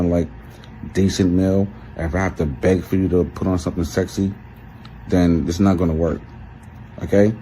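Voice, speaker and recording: Deep-voiced defiant man talking to camera. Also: warm tone, slight background noise, poor audio. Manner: defiant, unapologetic. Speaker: man in a played video clip. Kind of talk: casual monologue to camera.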